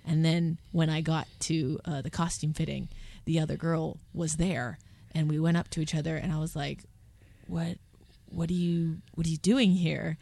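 A woman hosting a podcast, chatting casually and telling lively stories. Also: low voice, normal speed, vocal fry. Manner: chatty, excitable storytelling with laughs. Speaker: podcast host. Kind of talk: casual interview chat.

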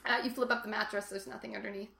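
A woman narrating as game master in a tabletop game, casual and halting. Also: medium pitch, steady tone, creaky, pushed and bright, roomy sound.

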